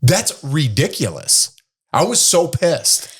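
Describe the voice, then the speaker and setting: A middle-aged man co-hosting a podcast, telling stories in an animated, grumbling, exaggerated way. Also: on the high side, slow, husky. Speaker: podcast co-host. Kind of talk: casual chat.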